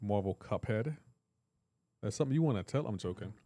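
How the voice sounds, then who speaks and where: A man's voice: fairly low pitch, animated, brisk, mellow, no echo. A man hosting a live game stream, joking around in casual chat and answering his viewers' comments aloud.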